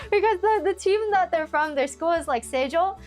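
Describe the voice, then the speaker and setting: A young woman with a high, light voice chats casually with her stream viewers, rambling and giggling through lots of fillers and restarts. Soft music plays faintly underneath. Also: moderate pace.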